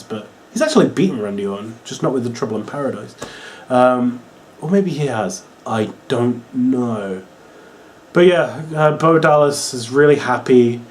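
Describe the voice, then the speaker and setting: A young man from England with a Norwich accent, rambling excitedly and swearing as he reviews a wrestling show. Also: medium pitch. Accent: Norwich English. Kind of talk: casual video review.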